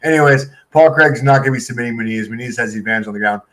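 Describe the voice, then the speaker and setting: A man's voice: medium pitch, fairly bright tone. A man co-hosting a casual show about fight predictions, reading out stats bluntly and cockily. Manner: reads stats off quickly, blunt and cocky. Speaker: co-host picking fights. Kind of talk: casual chat.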